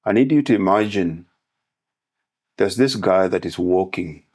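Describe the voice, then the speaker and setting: A man's voice: deep voice, unhurried, a little mellow. A man as a podcast guest on manhood, speaking in parables and analogies. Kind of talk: podcast conversation with storytelling.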